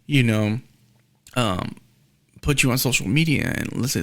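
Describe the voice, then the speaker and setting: A man's voice: mid-range voice, expressive, measured pace, pauses often. A man hosting a podcast, chatting casually and rambling through a story while he acts out the back-and-forth he had with someone. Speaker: podcast host. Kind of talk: casual conversation.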